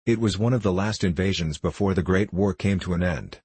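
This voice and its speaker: A man narrating a storybook in a steady, solemn reading manner. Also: low-pitched, brisk, slightly rough.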